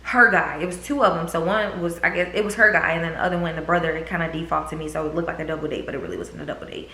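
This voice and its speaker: A woman's voice: sits low, steady tone, rapid-fire, bright, forceful tone. A young woman vlogger telling a candid, profane storytime, drawling and putting a raised voice on the others she quotes. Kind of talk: casual storytime. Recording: echoey room with faint noise.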